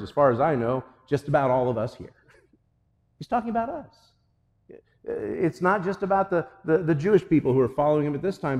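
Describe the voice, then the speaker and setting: A man's voice: a little high, darkish tone, long reverb tail. A male pastor preaching a sermon, telling a story and then pressing emphatic, repeated questions on the congregation.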